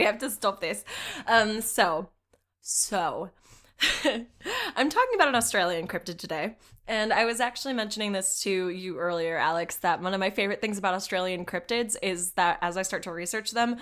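A woman's voice: medium pitch, a bit bright. A woman co-hosting a comedy podcast, chatting casually in a giggly, rambling, jokey way. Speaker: podcast co-host.

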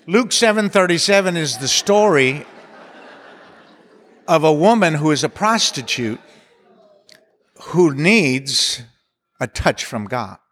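A man's voice: a little high, animated, takes it slowly, long pauses, a bit bright, long reverb tail. A man preaching a sermon, building to passionate appeals and mixing in humor. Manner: preaching with rising intensity and leading songs. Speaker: pastor.

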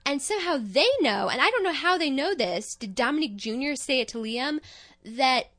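A woman with a high, bright-sounding voice co-hosts a podcast, recapping a TV show in casual chat. She talks in an animated, expressive way and laughs easily. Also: moderate pace. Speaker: podcast co-host.

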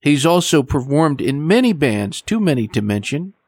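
A man's voice: fairly high pitch, big pitch swings, moderate pace, a little mellow, no echo. A male podcast host giving polished, formal introductions to his guest. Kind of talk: podcast hosting.

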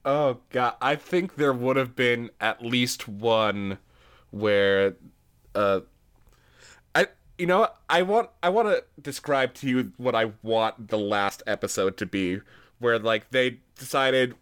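A man's voice: medium pitch, lively intonation, slow, a bit bright, clear, resonant tone. A man guesting on a podcast in casual chat, spinning out jokey story ideas and laughing often.

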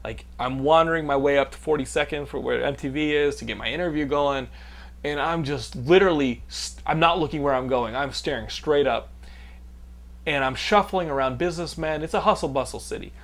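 Brisk and on the high side, this podcast host is a man in his thirties from Texas, United States. He chats casually and laughs his way through rambling, profane stories.

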